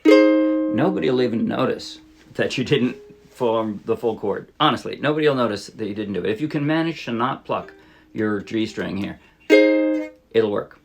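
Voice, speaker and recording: A man teaching a ukulele song in a relaxed, casual way, thinking aloud and correcting himself as he plays. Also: lowish voice, normal speed, vocal fry, music in the background. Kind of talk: casual instructional talk. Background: ukulele playing.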